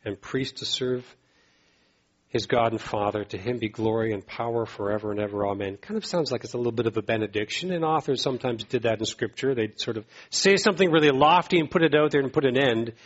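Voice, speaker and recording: A man preaching a sermon, emphatic and repetitive, rising in pitch when he exhorts the congregation. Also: a little fast, lo-fi sound. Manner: emphatic, repeats phrases, rises in pitch to exhort. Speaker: pastor.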